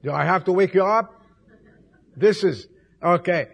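A man preaching an Easter sermon, with emphatic repetitions, swinging between loud appeals and soft, hushed passages. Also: sits high, gravelly, slightly rough. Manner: slow, emphatic delivery with repetitions.

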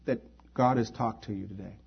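Gravelly husky preacher man, pleading. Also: fairly low pitch, steady tone, a little fast, dull audio. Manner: pleading, invites hands raised. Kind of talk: sermon with altar call and prayer. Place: church service.

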